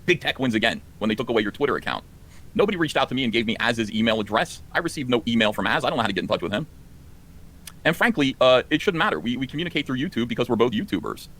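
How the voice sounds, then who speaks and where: A man hosting a live stream talks back at a clip, exasperated and ranting. His voice swings widely in pitch and the words come out quickly. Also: big pitch swings, a bit bright. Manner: exasperated, ranting, rising pitch when indignant. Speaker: streamer reacting to clips. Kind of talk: heated live stream commentary.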